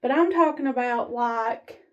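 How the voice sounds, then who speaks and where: The recording is muffled as this woman, her voice a little high and a little slow, films herself standing up. Her motivational talk to the camera is folksy, blunt, and rambling.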